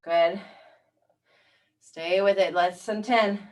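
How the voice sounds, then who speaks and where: A woman's voice: medium pitch, takes it slowly, distant mic. Woman coaching a workout, off-mic. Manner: encouraging counting cues, calm coaching. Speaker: fitness instructor. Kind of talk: guided workout class.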